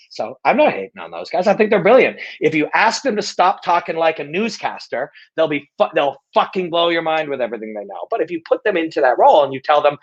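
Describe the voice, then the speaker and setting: He talks fast in a fairly high, very animated voice, with the recording's highs cut off. A middle-aged live Q&A host, he runs a casual monologue that's blunt and emphatic, loaded with curses and repeated points.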